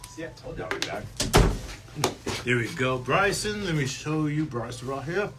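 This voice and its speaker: A man hosting a live signing stream in a casual, joking manner, playful and quick to put on silly voices. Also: fairly high pitch, lively intonation, over loud music. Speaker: stream host.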